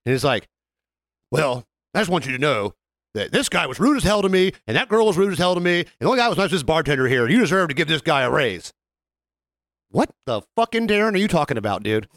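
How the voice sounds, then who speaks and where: A fairly high-pitched man talks at a quick pace on a casual podcast he co-hosts, with no echo in the recording. Storytelling is his mode: animated, full of acted-out customer lines, and loaded with swearing.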